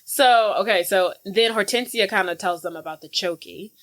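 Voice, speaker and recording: A woman co-hosts a casual podcast and retells a film scene by scene in a loose, slangy way. Her pitch sits in the middle, and she jumps up high whenever she quotes a child in the story. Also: normal speed, rough recording. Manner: animated retelling with voiced quotes, lively swings in pitch. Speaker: podcast co-host. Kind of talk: casual chat, retelling a movie plot.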